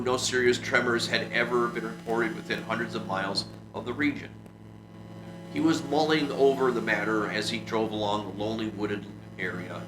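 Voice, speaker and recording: A man reading a classic adventure novel aloud for a book club, steady with small restarts. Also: fairly low pitch. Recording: roomy echo with music behind.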